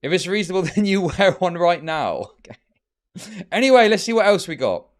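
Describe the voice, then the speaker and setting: A man's voice: high voice, very animated, fairly quick. A man streaming live commentary, ranting at his chat in heated, profane bursts. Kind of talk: livestream commentary.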